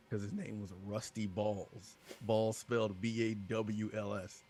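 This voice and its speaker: A man co-hosting a gaming podcast, telling stories in a casual, animated way and acting out other people's lines. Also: lowish voice, unhurried, few pauses, a little hiss or hum. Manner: animated, laughing, acts out quoted voices. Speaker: podcast co-host. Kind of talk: casual storytelling chat.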